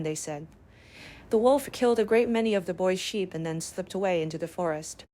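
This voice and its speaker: Woman, bedtime story narrator, calm, measured, lowish voice, fable reading.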